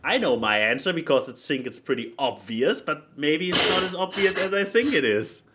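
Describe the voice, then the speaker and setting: A man's voice: on the high side, lively intonation, normal speed, heavy background noise. A man hosting a casual podcast chat, often stumbling and restarting his sentences. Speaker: podcast host.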